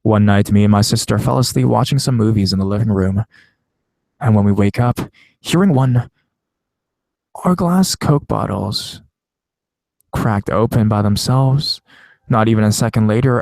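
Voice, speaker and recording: A man's voice: medium pitch, normal speed, creaky, darkish tone, dry recording. A man casually reading viewer-submitted scary stories aloud, with a loose, profane, conversational delivery. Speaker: horror story narrator.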